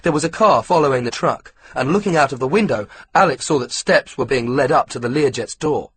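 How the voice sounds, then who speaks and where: A man reading an audiobook with steady, measured pacing. His voice is husky and breathy, sitting at an ordinary middle pitch. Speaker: audiobook narrator. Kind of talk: scripted narration.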